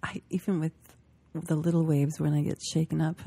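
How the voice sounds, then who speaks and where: A woman's voice: deep voice, level tone, normal speed, gravelly, dark tone, slightly rough, dry recording. A woman in casual chat as a podcast co-host, chatty and giggly.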